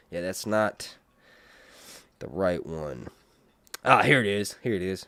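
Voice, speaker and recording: A man's voice: sits low, expressive, slow, long pauses, sharp tone, dry recording. A man from North Carolina, chatting casually on a livestream and laughing often. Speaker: livestream TV show reviewer. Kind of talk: casual live chat.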